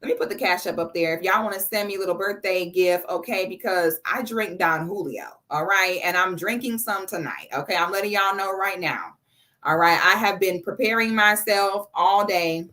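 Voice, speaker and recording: A woman's voice: mid-range voice, normal speed, pushed and bright. A woman in her thirties hosting a casual live stream, effusive and chatty, reading out viewers' messages and thanking them by name. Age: 30s.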